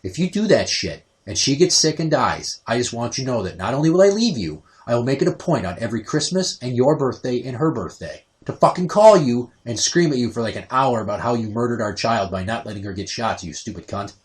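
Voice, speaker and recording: Profane, animated man telling parenting stories. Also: mid-range voice, fairly quick, hardly any pauses. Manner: profane, animated storytelling, acts out quotes. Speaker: podcast host. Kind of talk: crude casual chat.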